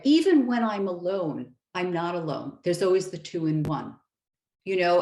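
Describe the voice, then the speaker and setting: A woman's voice: fairly low pitch, a little mellow. A middle-aged woman professor answering interview questions, thinking aloud with many "you know"s. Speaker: guest professor. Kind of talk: academic interview. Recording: echoey room.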